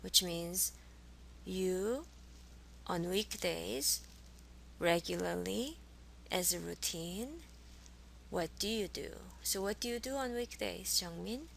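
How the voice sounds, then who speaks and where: A woman teaching a language lesson, saying model phrases slowly and over-enunciating them, then repeating them for her students. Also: lowish voice, lively intonation, vocal fry, a bit bright, slight background noise.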